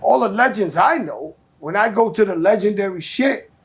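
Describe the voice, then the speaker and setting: A man with a high, gravelly, husky voice talks as an interview guest. He is animated and blunt, swearing freely as he tells stories. His tone is heated and casual. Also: moderate pace. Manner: animated, profane, storytelling.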